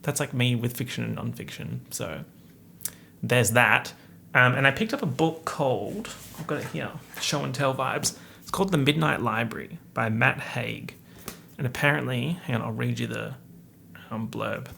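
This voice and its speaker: A man's voice: mid-range voice, moderate pace, vocal fry, pushed and bright, a little hiss or hum. A young man, hosting a casual solo podcast chat full of playful slang and asides. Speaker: podcast host.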